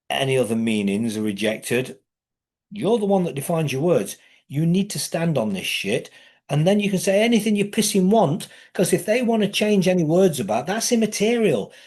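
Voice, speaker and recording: A middle-aged Englishman with an English accent holds forth in a heated, profane monologue, his voice sitting slightly higher than most men's. He swears freely and keeps pushing his delivery up into emphatic outbursts. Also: a little mellow. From England.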